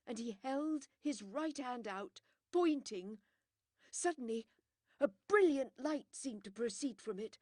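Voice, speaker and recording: A woman narrating a mystery audiobook in a measured storytelling manner, with dramatic pauses. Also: mid-range voice, dry recording, studio quality. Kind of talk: scripted narration.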